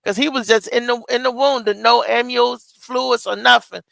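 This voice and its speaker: A woman in her thirties who tells stories in an animated way as a talk show host. Her voice is high, bright and gravelly, with plenty of fry. She sits close in a dry, dead room. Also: moderate pace, dry recording, poor audio. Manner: animated storyteller, acts out quoted voices loudly. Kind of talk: casual chat.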